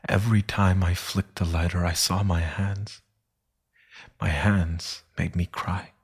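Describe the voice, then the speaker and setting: A man narrating a dark thriller story in a solemn, hushed manner that often sinks to a whisper. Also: low voice, flat delivery, takes it slowly, husky.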